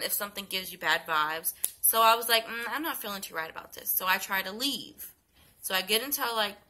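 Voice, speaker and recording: A woman's voice: medium pitch, sharp tone, low-quality recording. A young woman telling a story in a casual vlog, tired and sick, rambling with many fillers and restarts. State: sleepy and sick, yawning. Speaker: vlogger.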